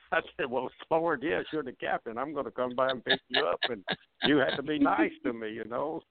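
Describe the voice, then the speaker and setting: A man's voice: mid-range voice, moderate pace, creaky, a crowd in the background. An older man who flew with an airline, reminiscing in a rambling, folksy way on a call-in show. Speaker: retired airline crew member. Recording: tinny phone line.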